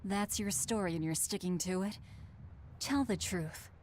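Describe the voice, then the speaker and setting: A woman's voice: medium pitch, measured pace, darkish tone, a little hiss or hum, natural voice. A woman playing a blunt, cool young leader. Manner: blunt and curt. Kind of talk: game voice acting.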